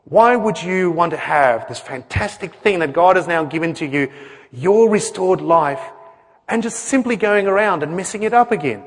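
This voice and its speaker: A middle-aged man preaches in an earnest, conversational way, slipping into quoted voices and asking the congregation questions. His voice sits a little high for a man. The sound carries a long reverb tail from a church hall. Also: lively intonation, moderate pace. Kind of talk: sermon.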